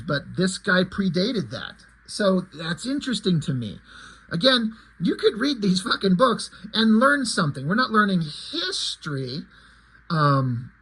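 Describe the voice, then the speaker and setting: A man's voice: sits high, pushed and bright, slightly rough, rough recording. A man chatting casually about a comic book, rambling and blunt, with strong opinions. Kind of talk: casual chat.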